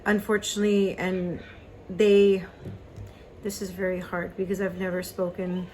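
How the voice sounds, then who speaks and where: A woman in her thirties tells a painful personal story to her camera, halting and hesitant, with many fillers and restarts. Her voice sits at a middle pitch and she sounds choked up at times. A cartoon plays on a TV in the background. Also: slight background noise, low-quality recording. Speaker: craft vlogger.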